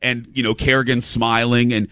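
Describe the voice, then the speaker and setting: A man's voice: mid-range voice, flat delivery, a bit bright, smooth, no echo, clean studio sound. Chatty male host telling stories. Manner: chatty storyteller, quick restarts, quotes others. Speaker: show host. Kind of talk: casual chat.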